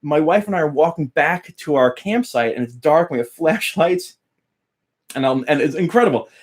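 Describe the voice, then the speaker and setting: A man's voice: fairly high pitch, moderate pace. A young adult man, a guitar teacher, eagerly telling a personal story in casual chat, laughing often and acting out what others said. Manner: animated, laughing, quoting others with voice changes.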